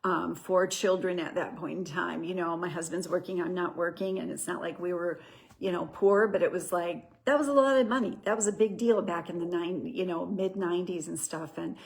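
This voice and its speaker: A middle-aged woman talks in an earnest, chatty way as she tells her own story to listeners. Her voice sits a little low for a woman. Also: fairly even intonation, moderate pace, gravelly. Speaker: host. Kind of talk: personal testimony talk.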